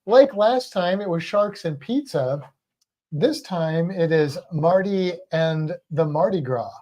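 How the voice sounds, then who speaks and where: A man's voice: fairly high pitch, lively intonation, takes it slowly, warm tone. A man co-hosting a livestream in casual chat. He rambles, hesitates often and laughs a lot. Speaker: livestream co-host.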